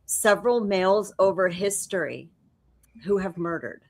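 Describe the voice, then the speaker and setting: A woman's voice: mid-range voice, animated, normal speed. A woman with a New Orleans accent co-hosting a paranormal talk show, telling a story in a plain, matter-of-fact way. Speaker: podcast co-host. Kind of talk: casual chat.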